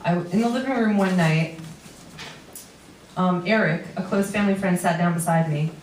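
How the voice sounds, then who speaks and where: Woman, New York accent, low voice, reads her own prose on stage with wry asides; roomy live recording from a distance. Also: moderate pace, slight background noise. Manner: reads steadily, with dry asides to the audience. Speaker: comedian reading a memoir piece. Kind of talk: live reading of personal prose. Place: small theater stage before an audience.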